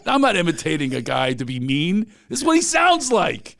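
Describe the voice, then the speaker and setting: Podcast host guy, jokey and lively, voice all over the place, dry close mic. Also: on the high side, fairly quick, vocal fry, hardly any pauses, no room sound. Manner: animated, joking, breaks into impressions. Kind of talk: casual comedic interview chat.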